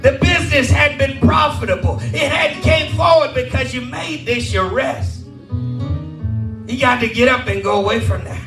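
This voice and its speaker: High-voiced shouting pastor. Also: male voice, a little slow, gravelly. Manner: fervent, repeats phrases, calls out to the congregation. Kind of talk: shouted call-and-response sermon. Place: large church hall. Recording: echoey church hall, voice from a distance, music behind.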